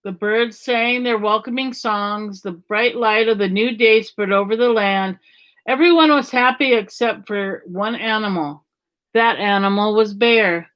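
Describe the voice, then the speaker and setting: A woman reads a children's story aloud in a mid-pitched voice. She keeps a gentle, even storytelling pace. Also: a little slow.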